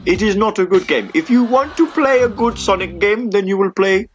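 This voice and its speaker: A man voicing a pompous, posh male know-it-all fan who lectures slowly and condescendingly. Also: fairly high pitch, lively intonation, fairly bright tone, soft background music. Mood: lecturing.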